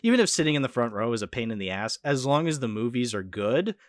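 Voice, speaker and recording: A man's voice: mid-range voice, sing-song, fast talker, no room sound, studio quality. A man hosting a film podcast, chatting in an easygoing way with plenty of fillers. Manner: easygoing, filler-heavy talk. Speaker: podcast host. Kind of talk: casual chat.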